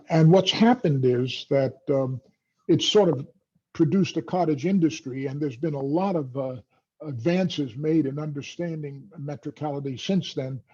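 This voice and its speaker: An older man giving an academic lecture, halting and full of fillers, with a dull lo-fi recording. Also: a little high, creaky, mellow, slightly rough.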